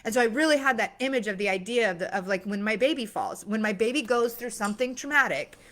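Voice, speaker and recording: This motivational talk comes from a young mindset coach who is casual and sincere, restarting often and using many fillers while mimicking fretful voices with quick gasps. She talks fast in a fairly high, somewhat bright voice.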